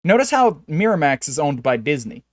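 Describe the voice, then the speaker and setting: A rambling man co-hosting a casual podcast, his talk full of fillers, false starts and restarts. His voice sits somewhat high, and the recording is dry and close. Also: sing-song, moderate pace, no room sound. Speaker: podcast co-host. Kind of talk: casual chat.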